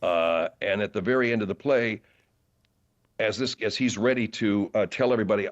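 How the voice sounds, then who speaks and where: Rambling low-voiced man telling theater stories. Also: normal speed, muffled recording. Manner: rambling, animated anecdotes with many fillers and restarts. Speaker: podcast guest, actor. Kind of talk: casual interview storytelling.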